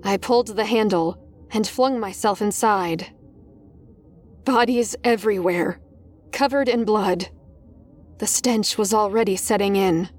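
A woman's voice: mid-range voice, unhurried, long pauses, soft background music. A woman narrating a first-person horror story in a tense, dramatic manner. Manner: tense, dramatic, rising in panic.

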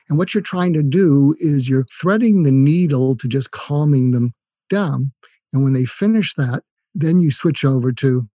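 Older guy teaching communication tips, husky mellow voice, dry close sound. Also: medium pitch, normal speed, no echo. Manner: explains with examples and role-played phrases. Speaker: guest, communication expert. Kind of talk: instructive interview talk.

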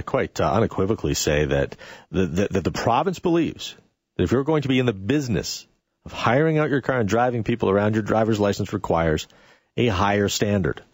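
A talk radio host with a sarcastic edge, his pitch swinging widely as he argues a point. His voice is a little husky and sits close and dry in the studio mic. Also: no room sound. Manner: sarcastic, animated.

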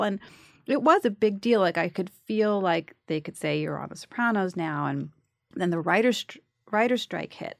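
Animated New actress guest. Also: female voice, mid-range voice, normal speed, creaky, no echo, clean studio sound. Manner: animated storyteller, acts out quotes. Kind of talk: casual interview chat.

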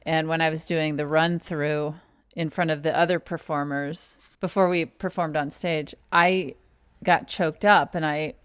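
A woman's voice: low voice, fairly even intonation, unhurried, clear, resonant tone, no room sound. A woman co-hosting a podcast in casual chat, with a dry, teasing manner. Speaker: podcast co-host.

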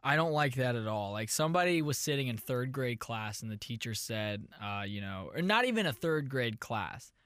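A man hosting a casual advice podcast, telling absurd stories in a rambling, deadpan way. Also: mid-range voice, moderate pace, hardly any pauses, clean tone, no echo, clean studio sound. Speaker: podcast host.

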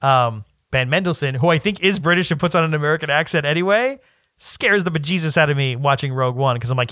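A man's voice: a little high, fast, dry recording. Rambling male podcast co-host, dry sound. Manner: rambling, self-interrupting, animated quoting. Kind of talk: casual chat.

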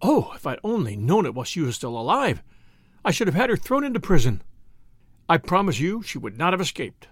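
A man's voice: on the high side, sing-song, brisk, no echo, studio quality. A man reading as a blustering village druggist. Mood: indignant. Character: indignant self-important male village druggist.

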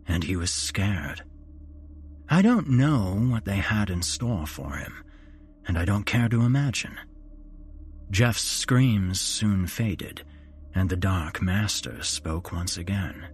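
A man hosting a horror podcast, narrating a first-person story in an unhurried, dramatic storytelling way. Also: low-pitched, very animated, a little hiss or hum. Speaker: host and narrator.

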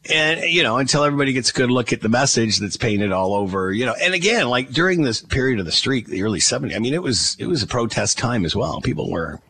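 A man's voice: mid-range voice, animated, quick pace, few pauses, pushed and bright, husky, no room sound. A man from Canada hosting a radio podcast, rambling in casual chat with chuckles and mock quotes.

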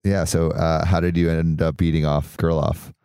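A man with an extremely deep, dark voice asks brief, prompting questions to draw out a parent's story. The recording is dry and close, with no room sound. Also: flat delivery, normal speed, smooth, no room sound. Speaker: interviewer asking his father questions. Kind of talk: casual interview questions.

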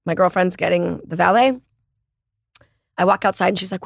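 A middle-aged woman, a podcast guest, telling a story in casual chat and acting out the quoted lines with lively energy. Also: lowish voice, normal speed, vocal fry, no room sound, clean studio sound. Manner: animated storyteller, acts out quoted dialogue.

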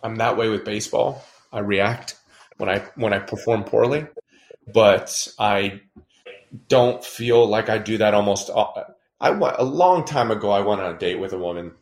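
A man, a baseball player guest, telling animated, self-deprecating stories in a casual interview. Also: fairly low pitch, normal speed. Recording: echoey room.

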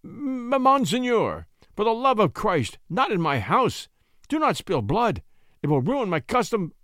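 A panicked innkeeper, put on by a male narrator, stammering and begging in a high, strained voice well above the narration. Dry and close. A cowardly storybook landlord. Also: big pitch swings, a little slow, a bit bright, no echo, heavily acted. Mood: terrified, pleading. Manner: stammering, pleading. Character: terrified stammering innkeeper, middle-aged man.

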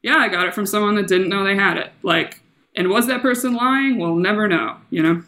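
A woman comedian as a podcast guest, candidly retelling a personal story with animated, laughing delivery. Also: medium pitch, fairly quick. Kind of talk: casual storytelling.

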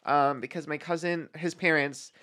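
A man co-hosting a podcast in casual chat, soft-spoken and halting as he talks. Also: a little high, steady tone. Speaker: podcast co-host.

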